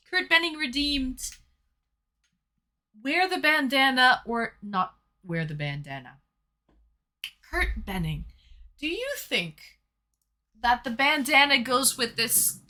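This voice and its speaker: Pushed and bright, this high female voice belongs to a young woman running a laid-back home livestream. She reads messages from chat out loud, keeping things playful and talkative.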